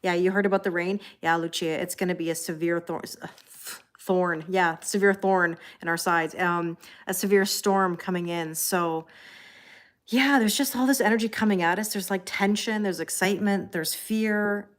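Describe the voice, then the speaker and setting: A woman's voice: on the low side, fairly even intonation, normal speed. Tired, chatty Canadian woman. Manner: chatty, greets viewers by name, frequent ums and light laughs. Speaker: tarot reader hosting a livestream. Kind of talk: casual livestream chat.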